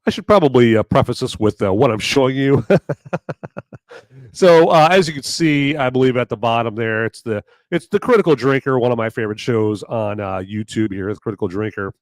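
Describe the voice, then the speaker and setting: A man hosting a live podcast, talking in a hoarse voice in a rambling, jokey way. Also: mid-range voice, a little fast, no room sound. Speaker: podcast host. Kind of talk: live casual chat.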